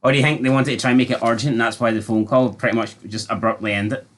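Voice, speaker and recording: A man's voice: medium pitch, fairly even intonation, fairly bright tone. A man co-hosting a casual TV review, blunt and sweary, picking holes in the plot. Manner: sweary, quick and blunt, questions plot points. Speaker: podcast co-host. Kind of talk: casual TV episode review chat.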